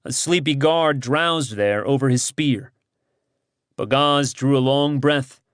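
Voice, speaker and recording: Slow, measured male audiobook narrator. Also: mid-range voice, clear, resonant tone, dry recording, studio quality. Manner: measured, dramatic storytelling. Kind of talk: scripted narration.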